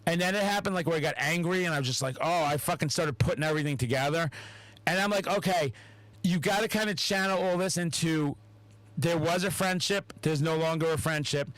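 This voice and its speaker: A podcast host, a man with a notably high-pitched voice, talks in a loose, animated way, swearing often and slipping into acted-out quotes. The sound is very dry, with no room around it. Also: brisk, dry recording, low-quality recording. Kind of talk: casual podcast chat.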